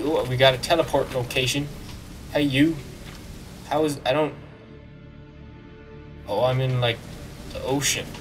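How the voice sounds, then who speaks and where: A man giving casual, excitable commentary while playing a video game, joking and talking back to the game. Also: mid-range voice, distant mic. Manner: excitable, jokey, talks to the game. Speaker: let's play gamer.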